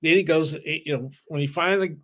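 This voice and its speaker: A man co-hosting a betting podcast, telling an animated story in casual chat, swearing now and then and laughing. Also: a little high, quick pace. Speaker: co-host.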